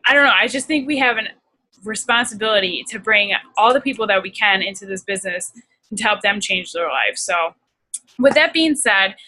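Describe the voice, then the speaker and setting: A woman's voice: medium pitch, lively intonation, brisk, sharp tone, poor audio. A young woman leading a team conference call, upbeat and rambling with many fillers. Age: young adult. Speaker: team leader.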